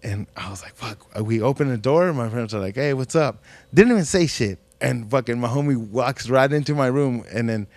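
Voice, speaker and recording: A man's voice: medium pitch, brisk, few pauses, darkish tone, dry recording. A man hosting a podcast, telling a story in casual, profane slang and acting out the people in it. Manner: profane, slangy, acts out quotes in other voices. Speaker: podcast host.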